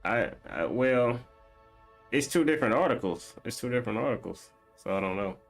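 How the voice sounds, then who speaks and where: A man hosts a game live stream, bantering casually with his viewers as he reads their comments aloud. His pitch swings widely as he talks, and faint music plays underneath. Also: expressive, normal speed, gravelly.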